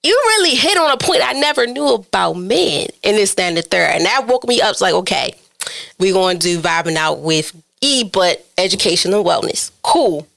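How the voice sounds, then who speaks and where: A woman in her twenties hosting a podcast in casual chat, talking in an animated, chatty way and acting out her own inner voice. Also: mid-range voice, normal speed, vocal fry. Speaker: podcast host.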